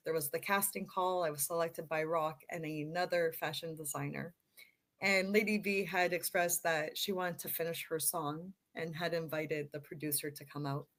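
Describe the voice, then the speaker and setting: A woman's voice: lowish voice, a bit bright. A middle-aged woman from Canada, a model guest on a podcast, telling stories in a chatty, self-deprecating way. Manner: chatty storyteller, self-deprecating, laughs easily. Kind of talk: casual chat.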